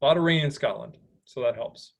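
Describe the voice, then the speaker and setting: A man's voice: mid-range voice, brisk, vocal fry. A man presenting a slideshow to an audience in a meeting room, chatty and rambling, with many restarts. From United States. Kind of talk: informal slideshow talk.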